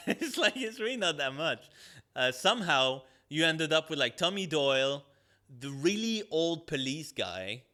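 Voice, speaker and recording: A man's voice: a little high, big pitch swings, a little slow, bright, forceful tone. A man reviewing a movie on a podcast, ranting in a sarcastic, profane, rambling way with lots of fillers.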